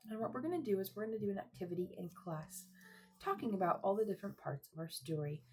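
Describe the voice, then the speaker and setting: A young woman teacher reading a picture book aloud to children in a rhythmic, expressive way, pausing to ask them questions. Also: medium pitch, faint music behind. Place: cozy room at home.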